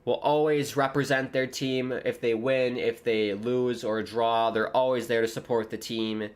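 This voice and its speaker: A young American man, a streamer commentating live on a football match with viewers, bursting into loud exclamations at big moments. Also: medium pitch, fairly even intonation, unhurried. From United States. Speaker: watchalong streamer.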